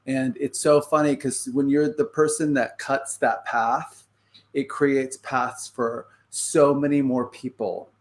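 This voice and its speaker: A man's voice: medium pitch, fairly even intonation, takes it slowly. A man with a New York accent, a guest on a video-call podcast, earnest and emotional as he talks. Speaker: guest, actor. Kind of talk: casual chat.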